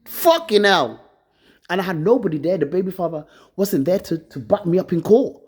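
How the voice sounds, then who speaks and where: A woman delivers a bitter, profane rant straight into her phone camera. Her voice sits low and husky, but it swings wildly up and down as she accuses and complains. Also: expressive, normal speed, a little mellow. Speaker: vlogger. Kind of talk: angry personal rant to camera.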